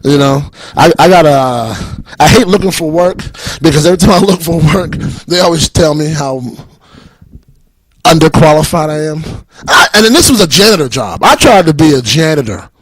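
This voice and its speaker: A man's voice: on the high side, animated, normal speed, no echo, low-quality recording. A young adult man with a Boston accent doing a rambling stand-up comedy set, laughing at his own jokes and acting out other voices. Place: live stage.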